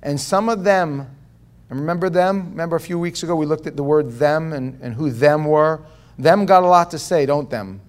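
A man leading a Bible study as pastor, reading scripture aloud and commenting in a folksy, conversational way, moving between quiet asides and loud emphatic passages. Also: on the high side, normal speed. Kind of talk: conversational sermon.

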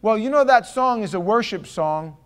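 Middle-aged male pastor, New York accent, slightly high voice, punchy conversational sermon with low asides. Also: animated, normal speed, clear, resonant tone. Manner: emphatic, swings between loud punches and low asides.

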